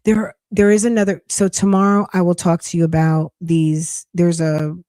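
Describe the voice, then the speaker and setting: A woman hosts a chatty live podcast, her voice getting hoarse. Her tone is low and mellow, and she rambles and restarts as she talks. The sound is dry and close. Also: little pitch movement, normal speed, no echo. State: losing her voice. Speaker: podcast host. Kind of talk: casual live-stream chat.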